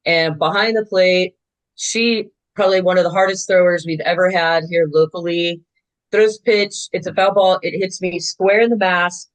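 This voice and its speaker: A woman in her sixties, a veteran softball umpire, telling game stories in a chatty, animated way with lots of fillers. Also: lowish voice, moderate pace, poor audio. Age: 60s. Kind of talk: casual interview storytelling.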